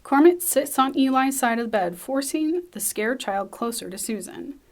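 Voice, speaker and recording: A woman's voice: high voice, animated, darkish tone. Woman reading a screenplay aloud. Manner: brisk, with small slips and restarts. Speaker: script reader.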